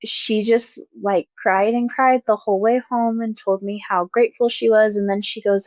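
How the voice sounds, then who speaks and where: A young woman telling a painful personal story as a podcast guest, halting and soft, with pauses and fillers. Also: on the high side, no echo, low-quality recording.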